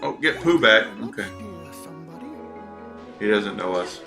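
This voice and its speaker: A chatty, excitable young man giving casual commentary while playing a video game. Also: lowish voice, slow pace, over music. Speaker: gaming video host. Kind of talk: casual let's-play commentary.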